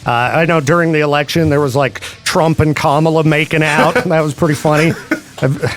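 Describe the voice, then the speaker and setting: A man hosting a casual morning radio show, talking quickly and loosely and laughing easily. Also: on the high side, fairly even intonation, faint music behind. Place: radio studio. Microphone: studio mic.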